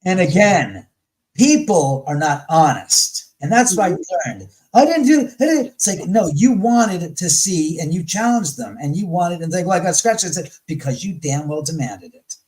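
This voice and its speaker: A man with a somewhat high voice, talking as a guest in a casual, blunt and profane way. He slips into the voices of the people in his stories as he tells them, and the delivery keeps jumping around. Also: animated, normal speed, darkish tone, poor audio. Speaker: guest on a paranormal talk show. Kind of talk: casual storytelling in conversation.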